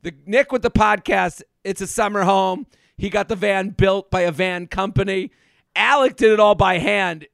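A man co-hosting a podcast, a comedian telling animated stories and acting out what people said, in casual chat. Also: high-pitched, moderate pace, gravelly, smooth, no echo, clean studio sound. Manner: animated storyteller, acts out quotes.

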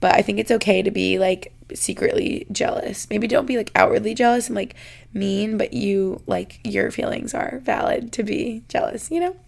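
With a gravelly voice of medium pitch at normal speed, a young woman hosts a casual podcast. She reads listener confessions, chats about them, laughs while reading and can't stop saying "like."

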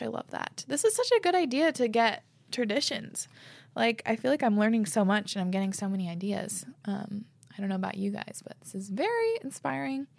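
A woman podcast host talks in a loose, effusive chat, piling on "like" and "oh my gosh". Her voice has a gravelly, fried edge. The sound is close and dry, with no room around it. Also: mid-range voice, a little mellow, no echo. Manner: gushing and effusive, lots of "like" and "oh my gosh". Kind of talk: casual podcast chat, reading listener letters.

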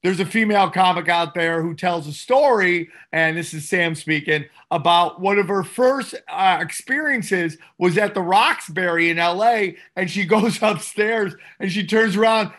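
Bright, excitable male comedian co-host. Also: high-pitched, moderate pace, hardly any pauses. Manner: excitable, loud bursts and laughing asides. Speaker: podcast co-host. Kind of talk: casual comedy podcast chat.

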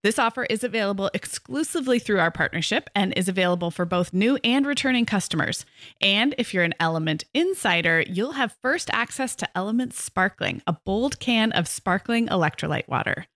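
A woman in her forties co-hosts a parenting podcast with a bright, forward tone. She talks in an upbeat, conversational way. The sound is dry and close. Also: medium pitch, expressive, brisk, dry recording. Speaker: podcast co-host. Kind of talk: casual chat and ad reads.

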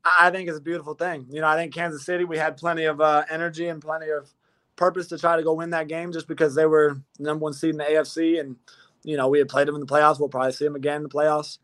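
A man's voice: on the high side, little pitch movement, fast, fairly bright tone. A man being interviewed as a football player guest, talking modestly with many restarts. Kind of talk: casual interview chat.

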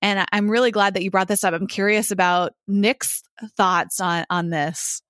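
A woman co-hosting a podcast who talks in a curious, supportive way and asks gentle follow-up questions. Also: medium pitch, steady tone, normal speed, no echo, studio quality. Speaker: podcast co-host. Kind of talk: conversational chat.

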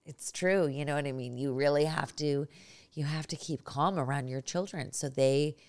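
A woman's voice: low voice, normal speed, darkish tone, smooth. Chatty woman podcast host. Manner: chatty, gushing, many restarts and fillers. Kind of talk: casual interview chat.

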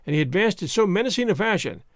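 A man narrating an audiobook in an expressive, dramatic reading style. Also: high-pitched, quick pace, no room sound, clean studio sound.

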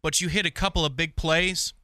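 A man's voice: a little high, a little fast, no echo, studio quality. A man co-hosting a sports talk show, trading wry jokes and mock play-by-play calls. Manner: wry, deadpan play-by-play parody. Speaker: sports radio co-host. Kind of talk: casual sports banter.

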